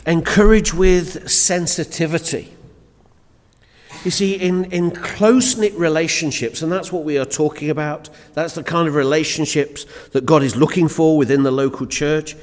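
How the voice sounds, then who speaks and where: Guy preaching a sermon, earnest, kinda high voice, long echo in the church hall. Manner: earnest, emphatic, repeats words as he builds points.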